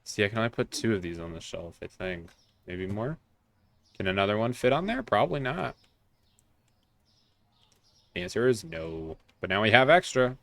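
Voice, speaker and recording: A male game streamer with a somewhat low voice talks through his play in loose, casual commentary. He rambles, trails off and makes fun of himself in a jokey way. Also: animated, moderate pace, long pauses, a bit bright, dry recording. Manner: rambling, self-mocking, jokey.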